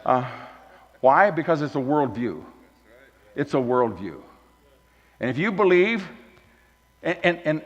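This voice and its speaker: A man preaching a folksy sermon at a church, moving between loud emphasis and quiet asides. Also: on the high side, very animated, measured pace, pauses often. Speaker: guest speaker at a church. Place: church hall. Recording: dull recording with long hall reverb.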